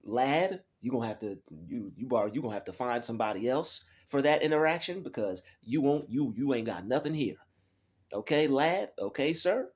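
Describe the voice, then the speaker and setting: A male vlogger delivering a loose, preachy monologue straight to his audience. He calls his listeners fellas and often stumbles, repeating words as he works his way toward the point. His voice sits at an ordinary middle pitch. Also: animated, brisk, few pauses, darkish tone. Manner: preachy, addresses viewers as fellas, repeats words while finding them. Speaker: YouTube channel host. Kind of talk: casual monologue to camera.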